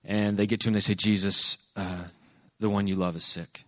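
A man's voice: lowish voice, level tone, normal speed, fairly bright tone, no echo, clean studio sound. A man giving a casual, conversational sermon, telling stories animatedly and acting out quoted lines. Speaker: preacher. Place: venue with a live audience.

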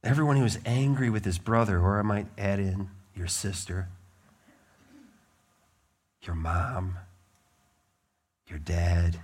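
A man preaching a sermon as a pastor, emphatic and blunt, with lively swings in his delivery. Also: sits low, slow, pauses often, slightly rough.

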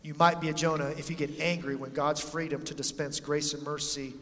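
A man's voice: a little high, little pitch movement, brisk, fairly bright tone. A man preaching a sermon in a conversational way, reading scripture and acting out quotes. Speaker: pastor. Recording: long hall reverb.

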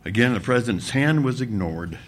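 Pastor reading a story aloud. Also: male voice, medium pitch, a little fast. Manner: expressive storytelling, voices the characters. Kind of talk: sermon with a read-aloud story.

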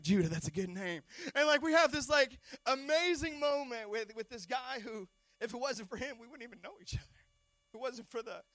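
A man in his thirties preaching a storytelling sermon, animated and stumbling over repeated words. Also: high-pitched, dry recording. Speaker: pastor.

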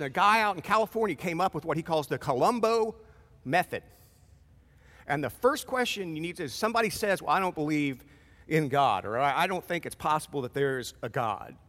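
A man preaching a sermon in a conversational, animated way, acting out short quoted exchanges. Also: sits high, long reverb tail. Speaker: pastor.

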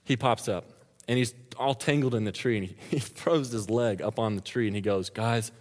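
A man preaching a sermon, telling a story with lively energy and laughing as he goes. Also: fairly low pitch, a little fast. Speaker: pastor. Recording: long reverb of a large hall.

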